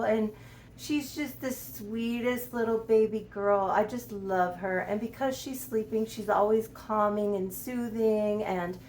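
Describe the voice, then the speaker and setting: A young woman chatting casually to camera about her doll collection in a room at home, giggly and doting, often talking sweetly to her dolls. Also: fairly high pitch. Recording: echoey room with faint background noise.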